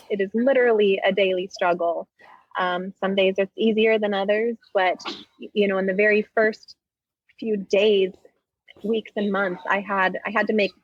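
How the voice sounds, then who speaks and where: A woman's voice: medium pitch, no echo. Woman telling a painful story, muffled. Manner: halting, heartfelt retelling with restarts. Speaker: podcast guest. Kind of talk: emotional personal storytelling.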